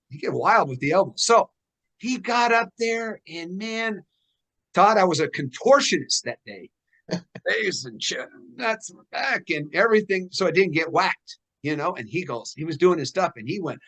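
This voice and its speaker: A man hosting a casual interview, telling stories with lots of laughter and acted-out dialogue. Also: a little high. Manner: animated, laughs often, acts out dialogue. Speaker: host.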